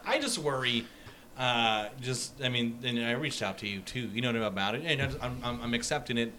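A man in casual podcast chat, halting with fillers and quick to swear. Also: medium pitch, bright, forceful tone, a little hiss or hum. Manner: halting, laughs easily, swears.

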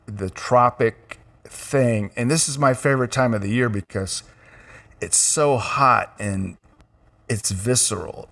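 A middle-aged father co-hosting a casual chat at home, rambling with lots of restarts. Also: lowish voice. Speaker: father and podcast co-host. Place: home room with air conditioner.

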